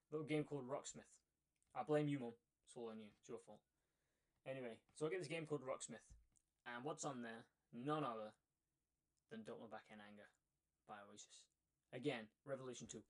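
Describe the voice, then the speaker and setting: A young man tells his own story to the camera, punchy and emphatic, leaning on repeated lines. He sounds a little out of breath, and his voice sits at an ordinary middle pitch for a man. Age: young adult. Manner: energetic and emphatic, repeats phrases for effect. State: slightly out of breath. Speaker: vlogger. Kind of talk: casual storytelling monologue.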